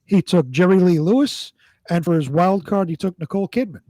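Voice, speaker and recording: Higher-pitched man, hesitant co-host. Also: brisk, warm tone, no room sound. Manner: hesitant, many fillers and restarts, reads out lists. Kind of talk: casual live-stream chat.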